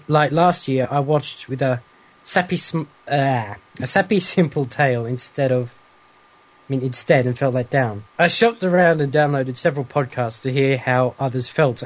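A man co-hosting a podcast, reading listener emails aloud with amused asides. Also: medium pitch. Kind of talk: casual chat.

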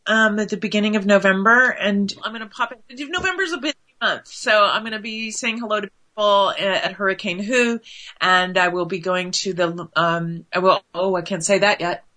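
A woman guest in a casual interview, chatty and animated, with lots of fillers and quick asides. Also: mid-range voice, low-quality recording.

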